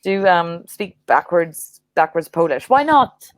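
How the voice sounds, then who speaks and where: A woman with an Irish accent, chatting as a comedian on a panel show, rambling and animated. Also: on the low side, unhurried, no room sound. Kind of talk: casual comedy panel chat.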